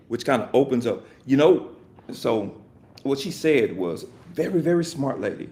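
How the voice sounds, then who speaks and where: A man's voice: medium pitch, big pitch swings, unhurried, pauses often, a little mellow. A man hosting a podcast, talking in a casual, rambling and jokey way, correcting himself and laughing often. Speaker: podcast host.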